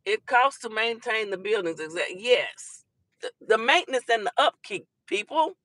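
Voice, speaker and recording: A woman hosts a casual livestream talk show, answering her chat in a teasing, animated way. Her voice is bright and forceful. The sound is close and dry, with no room around it. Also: a little high, normal speed, no echo. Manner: teasing, animated, laughs often.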